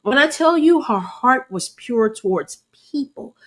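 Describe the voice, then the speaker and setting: A woman's voice: high voice, lively intonation, unhurried, a bit bright. A woman leading a ministry, giving a candid, emotional live testimony and preaching, calling her listeners y'all. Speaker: ministry leader.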